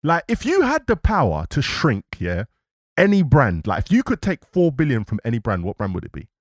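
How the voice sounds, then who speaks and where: A man's voice: mid-range voice, brisk, dry recording, studio quality. A man, co-hosting a live-streamed podcast in casual, rambling chat full of slang. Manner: animated, rambling, London slang. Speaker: podcast co-host. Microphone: podcast microphone.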